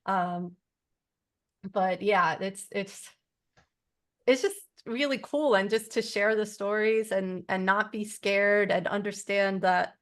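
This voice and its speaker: A woman's voice: mid-range voice, slow, fairly bright tone. A woman sharing spiritual experiences in a casual group conversation, rambling earnestly with many "like" fillers. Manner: rambling, heavy use of "like" fillers. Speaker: support group member.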